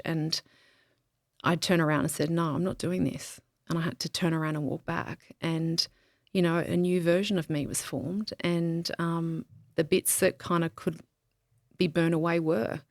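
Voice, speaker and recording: A grieving woman talks through her loss in a reflective interview, candid and unhurried, pausing and restarting as she searches for the right words. Her voice carries a gravelly, creaky texture. The sound is close and dry. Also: low-pitched, steady tone, no echo. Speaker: podcast guest.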